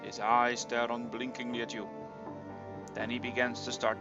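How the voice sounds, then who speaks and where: A man's voice: medium pitch, normal speed, music in the background. A young man reading a fantasy gamebook aloud, playfully breaking in with joking asides, on a slightly dull recording. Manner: playful, animated, breaks in with jokey comments. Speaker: reader of a gamebook.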